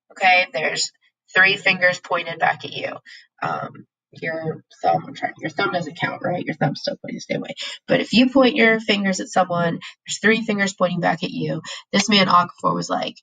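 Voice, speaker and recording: A woman's voice: fairly low pitch, a bit bright, husky, poor audio. A woman teaching a casual book summary lesson, chatty and playful as she acts out the characters' lines. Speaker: teacher summarizing a novel chapter.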